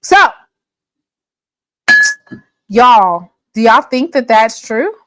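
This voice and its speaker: A sassy woman hosts a casual sports livestream and teases her viewers. Her voice sits a little high and sounds dry and close to the mic. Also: expressive, measured pace, dry recording. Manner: sassy, gossipy, talks straight to viewers. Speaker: livestream sports show host. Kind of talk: casual live-stream sports talk.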